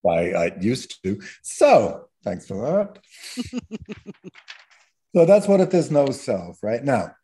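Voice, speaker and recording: A man's voice: medium pitch, wildly swooping pitch, takes it slowly, long pauses, dark tone. A man teaching as a podcast guest, explaining in a chatty way and tagging his points with "right?". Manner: explanatory, peppers talk with "right?". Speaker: guest therapist trainer.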